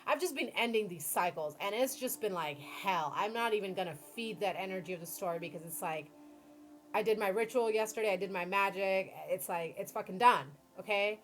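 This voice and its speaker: A woman giving a tarot reading on a live stream, expressive, swearing freely and acting out her own dialogue. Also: mid-range voice, fairly quick. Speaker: tarot reader. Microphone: phone or computer mic on a live stream.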